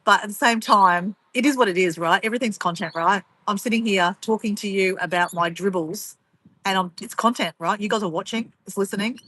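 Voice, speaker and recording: Australian woman vlogger, bright tense voice, dry close sound, rambling and teasing. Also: medium pitch, fairly quick, dry recording. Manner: rambling, chatty, laughs often, teasing. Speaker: vlogger reading viewer comments. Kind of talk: casual live chat.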